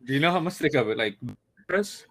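A man's voice: a little high, expressive, fairly quick, over a noisy crowd. A young man co-hosting a podcast, chatting casually and teasing his friends between laughs. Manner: joking, teasing, laughs a lot. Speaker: podcast co-host. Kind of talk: casual chat.

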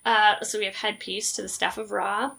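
A woman co-hosting a casual movie-review chat, talking in long animated runs with jokes and many ums. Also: mid-range voice, moderate pace, vocal fry. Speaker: podcast co-host.

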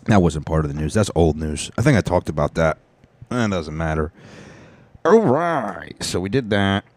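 Deep-voiced rambling podcast host, a man. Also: fairly quick, a little mellow. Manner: rambling, profane, joking. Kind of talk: casual chat.

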